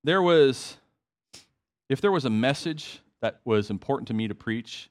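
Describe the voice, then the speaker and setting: A man's voice: mid-range voice, animated, measured pace. A man preaching a sermon to his congregation, conversational with emphatic repetition and asides. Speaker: pastor.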